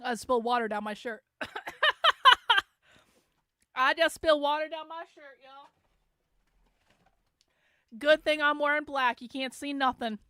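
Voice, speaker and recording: A woman's voice: sits high, measured pace, pauses often, a bit bright, dry recording, clean studio sound. A woman hosting a livestream, talking sarcastically and profanely to her chat. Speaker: host. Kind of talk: livestream commentary.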